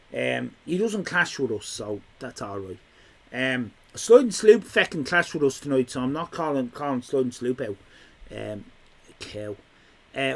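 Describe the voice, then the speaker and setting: A man's voice: a little high, gravelly, a bit bright. A young Irish man hosting a quiz on a live stream. He is chatty and teasing as he reads chat messages aloud.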